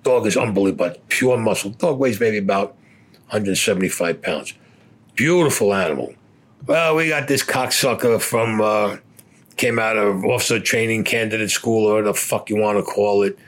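A man's voice: fairly low pitch, normal speed. An older man, a war veteran, telling a story in an interview in a blunt, profane way, cursing constantly.

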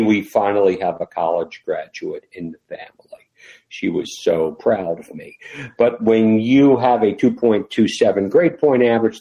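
A man's voice: deep voice, dark tone, poor audio. A middle-aged man from New York City, a guest telling his career story in a casual interview with wry, self-deprecating humor. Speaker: guest, retired FBI employee.

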